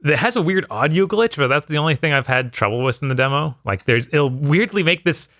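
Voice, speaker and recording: Halting male co-host, dry sound. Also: on the high side, animated, a bit bright, no room sound. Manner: halting, with fillers and restarts. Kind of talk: casual chat.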